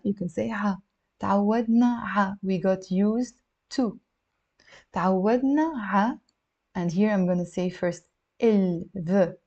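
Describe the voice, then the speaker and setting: A woman teaching a language lesson, patiently breaking phrases down and repeating them slowly. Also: medium pitch, mellow, muffled recording.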